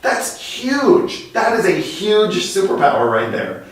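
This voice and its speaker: A man speaking as a guest design executive, telling lively workplace anecdotes that speed up in quick bursts. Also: sits high. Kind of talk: conversational storytelling. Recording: very echoey room, distant mic.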